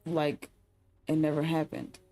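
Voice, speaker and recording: A woman voicing a grieving Argentine woman who speaks in a dry, frank, halting way. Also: deep voice, monotone, dark tone. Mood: guarded, sad.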